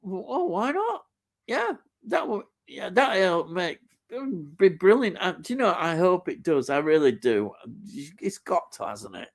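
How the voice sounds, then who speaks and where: A middle-aged man, talking slowly and unhurriedly in a somewhat high voice. He rambles along with plenty of ums and restarts, sounding keen as he reads through viewer comments in a casual live-stream chat. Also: big pitch swings, creaky. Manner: enthusiastic, rambling with many fillers and restarts.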